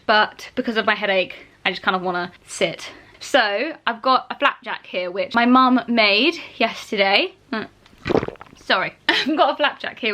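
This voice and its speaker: With a sharp tone and mid-range voice, a young vlogger talks casually through her day. She laughs frequently and makes fun of herself, recorded in an echoey home kitchen with clatter in the background.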